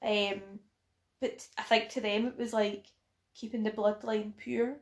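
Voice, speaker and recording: Gravelly-voiced Scottish woman chatting. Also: mid-range voice, flat delivery. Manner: chatty, teasing, quick laughs. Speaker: podcast co-host. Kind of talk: casual chat. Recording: echoey room.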